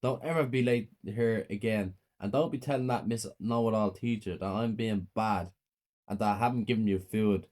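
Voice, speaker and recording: A man reading a horror story puts on a cold, abusive mother who draws out her threats slowly in a raised, pinched voice. She scolds and menaces with every word. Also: fairly low pitch, fairly even intonation, darkish tone, natural voice. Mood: menacing. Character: cruel, cold, abusive mother, adult woman.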